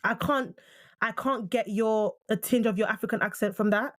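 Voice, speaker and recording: A woman in her thirties with a British accent, co-hosting a casual podcast chat, animated, with quick asides and restarts. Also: on the high side, no room sound, clean studio sound. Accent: British English. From Nigeria. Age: 30s. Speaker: podcast co-host.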